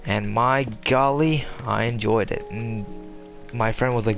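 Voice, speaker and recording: Soft background music plays as this young gaming commentator talks briskly in a creaky, mid-range voice. It's loose, casual gameplay commentary: he rambles, restarts sentences again and again, and uses a lot of fillers.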